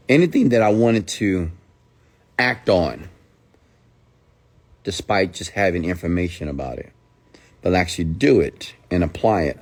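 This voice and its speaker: A man delivers a motivational rant in a fairly low voice. He drives his points home by repeating them and keeps asking rhetorical questions. His delivery is emphatic and direct, as if he is speaking straight to each listener. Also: darkish tone.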